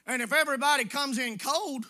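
A man preaching in church, folksy and conversational, swinging from hushed asides to shouting. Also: very high voice, a little fast. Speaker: pastor. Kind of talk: sermon. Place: church sanctuary.

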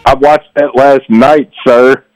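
A man co-hosting a morning radio show, telling stories in animated, jokey rants. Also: mid-range voice, takes it slowly, dry recording, faint music behind, rough recording. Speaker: radio co-host. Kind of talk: casual morning radio chat. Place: radio studio.

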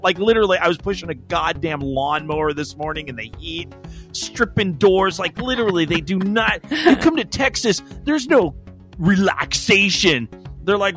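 A man with a fairly high voice hosts a podcast in loose, casual chat. He tells a rambling, profane story and drops in quoted voices as he goes. Faint music plays behind him. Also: animated, normal speed, a bit bright. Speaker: podcast host.

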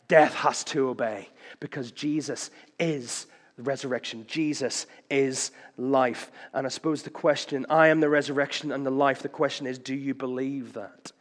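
Delivering a sermon, a man with a slightly high voice alternates between booming declarations and quiet lines, sprinkling in playful rhymes and punchy questions. A long reverb tail follows his words.

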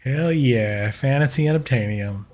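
A man's voice: medium pitch, unhurried, darkish tone. Man, tabletop player, mid-range voice, casual, swears. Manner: casual, thinks aloud, swears. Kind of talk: tabletop game table talk.

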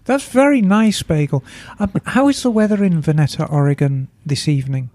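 A woman's voice: deep voice, a little fast, dark tone. A woman guest in a casual chat, playful and theatrical.

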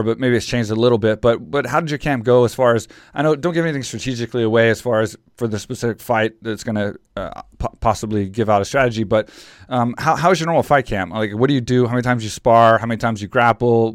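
A man's voice: mid-range voice, quick pace, no room sound, clean studio sound. A man hosting a podcast, asking questions in a chatty way and often repeating words as he goes. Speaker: podcast host. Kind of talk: casual interview with ad read.

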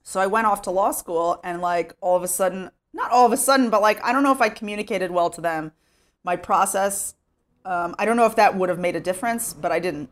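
A woman from Texas with a somewhat low voice talks through her life story in a relaxed interview. She is recorded at home and leans on "like" as she goes. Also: fairly quick. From Sherman, Texas, US. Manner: chatty, with many "like" fillers. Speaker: interview guest.

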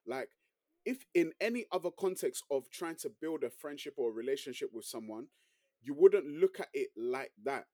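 A man's voice: on the high side, animated, a little mellow, no echo, clean studio sound. A man co-hosting a casual debate, explaining his view with many restarts and "bro". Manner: halting, many restarts, says "bro" and "trust me".

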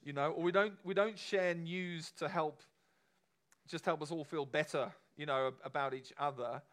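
A man's voice: fairly high pitch, steady tone, normal speed, a bit bright. A man preaching a sermon to a congregation in a conversational, emphatic way, often asking the room questions.

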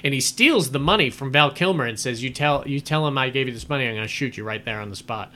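A man's voice: medium pitch, animated, fast talker, bright, forceful tone. A man in casual podcast chat, retelling film scenes in a rambling way with many fillers and laughs.

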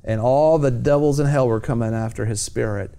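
A man's voice: medium pitch, a little fast, dark tone, clear, resonant tone. A man hosting a Christian television program, talking about faith in a fervent, exhorting preacher's cadence. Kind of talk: evangelistic TV talk.

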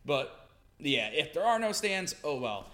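A young man with a slightly higher voice co-hosting a podcast. He is wry and laid-back in casual chat and swears offhandedly. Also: big pitch swings, a little slow, pushed and bright. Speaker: podcast co-host.

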